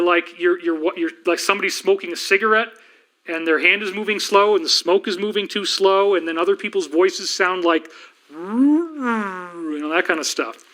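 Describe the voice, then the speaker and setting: A middle-aged man hosting a livestream, lecturing rapidly and rambling with frequent restarts. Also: high-pitched, bright, forceful tone. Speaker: livestream host and researcher. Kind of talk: fast-paced lecture livestream.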